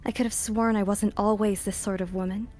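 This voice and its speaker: A woman's voice: mid-range voice, little pitch movement, a little fast, a little mellow, close to an everyday voice. A woman whispering as a vengeful hate-filled woman, whispered role-play. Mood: hateful. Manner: hissing whisper that swells into rage. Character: vengeful woman consumed by hatred.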